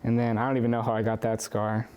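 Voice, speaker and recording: Teen guy chatting in a school interview, mellow warm tone, lots of ums and restarts. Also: medium pitch, fast, clean tone. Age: teens. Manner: relaxed, hesitant, many fillers and restarts. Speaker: student interviewee. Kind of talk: casual interview answers.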